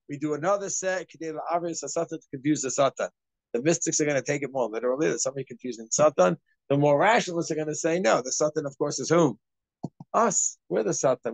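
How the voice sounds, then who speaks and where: Animated rabbi teaching a class. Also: male voice, fairly high pitch, no echo. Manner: animated, quick, acts out scenes in asides. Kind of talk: informal Torah class.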